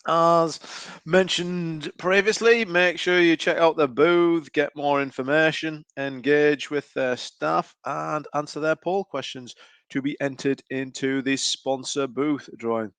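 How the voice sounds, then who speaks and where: A man's voice: a little high, measured pace, creaky, fairly bright tone, clear, resonant tone, no echo. A man hosting an online event, chatty and self-deprecating as he introduces the next speaker. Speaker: event host.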